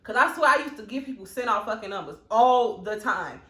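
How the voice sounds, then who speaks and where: Lively woman, blunt and joking. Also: fairly high pitch, fairly quick. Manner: blunt, joking, profane interjections. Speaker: mukbang host. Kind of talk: casual chat. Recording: echoey room.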